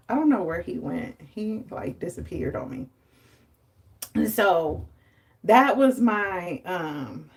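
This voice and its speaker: A young adult woman hosting a casual live stream about hair care, chatty and animated, acting out her stories. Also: on the low side.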